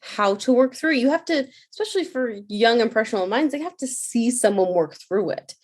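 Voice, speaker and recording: A woman's voice: a little high, expressive, brisk. A woman hosting a podcast, affirming her guest in a supportive, conversational way. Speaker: podcast host. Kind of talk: casual conversation.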